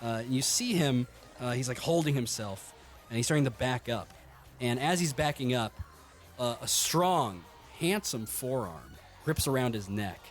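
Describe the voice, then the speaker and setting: A man's voice: medium pitch, lively intonation, normal speed, soft background music. Rambling game master, laughing as he narrates. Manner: rambling, full of fillers and laughter.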